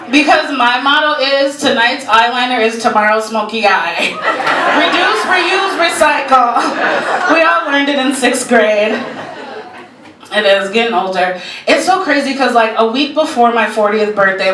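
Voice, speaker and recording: A brash woman in her forties works a comedy club stage, swearing freely and laughing at her own punchlines. Her voice comes from some way off the mic and rings around the room. A steady hiss of noise sits under the whole live recording. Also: a little high. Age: 40s. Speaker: stand-up comedian. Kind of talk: stand-up comedy set. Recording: roomy live club recording, heard from a distance, noisy.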